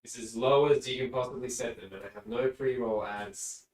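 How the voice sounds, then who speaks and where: A man's voice: medium pitch, fairly even intonation, normal speed. Distracted male streamer, echoey and distant. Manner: rambling, easily distracted. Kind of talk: casual livestream chat. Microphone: sitting far from the mic. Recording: echoey room, distant mic.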